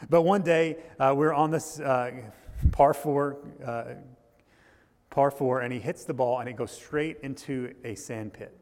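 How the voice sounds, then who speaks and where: A man preaching a sermon as pastor, telling a story in a loose, halting way with frequent restarts. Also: medium pitch, darkish tone, big-room sound. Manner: storytelling with restarts and rising intensity. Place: church.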